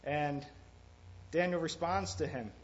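A man preaching an informal sermon, halting often with fillers and restarts. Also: fairly high pitch. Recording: dull lo-fi recording with faint noise.

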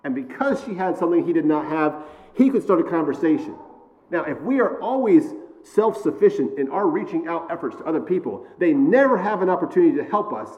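A man preaching a sermon in a loose, conversational way, often pausing to ask "all right?" and adding self-deprecating jokes. His voice sits a little high for a man. The sound is dull and lo-fi, with a long reverb trailing behind him. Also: sing-song, darkish tone. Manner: conversational, frequent "all right?" and "okay?" check-ins.

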